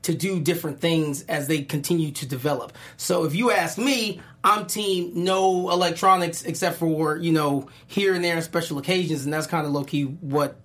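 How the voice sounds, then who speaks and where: A woman in her thirties co-hosting a casual group chat about a TV show, an animated storyteller with a slangy, playful way of talking. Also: deep voice, normal speed, hardly any pauses. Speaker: podcast co-host.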